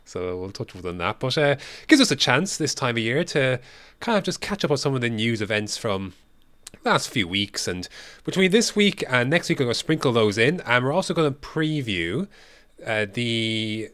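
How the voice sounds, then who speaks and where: A man's voice: medium pitch, very animated, moderate pace, fairly bright tone, dry recording. A man co-hosting a podcast in casual chat, rambling with many fillers and restarts. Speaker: podcast co-host.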